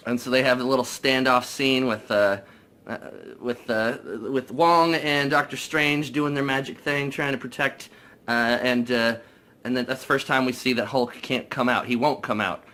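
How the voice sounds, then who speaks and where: A young man casually recapping a movie, swearing a lot, excitable and full of fillers. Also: medium pitch. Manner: profane, excitable, many fillers. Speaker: movie reviewer.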